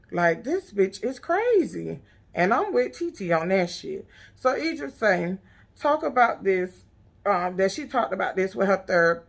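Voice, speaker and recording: A woman's voice: medium pitch, creaky. A woman casually recapping a reality TV episode, blunt, profane and sassy.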